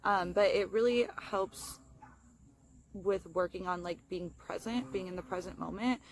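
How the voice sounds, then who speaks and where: Outdoors, a young vlogger with a lisp talks casually and apologetically in a self-help video, full of fillers. Her voice sits on the low side, and she speaks at a measured pace.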